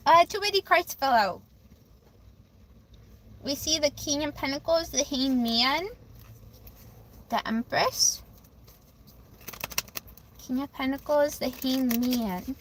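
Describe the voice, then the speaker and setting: A woman's voice: high-pitched, slow pace, long pauses, background noise. A young woman live-streaming a tarot reading, speaking emotionally, stammering and repeating herself. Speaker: livestreamer giving tarot readings.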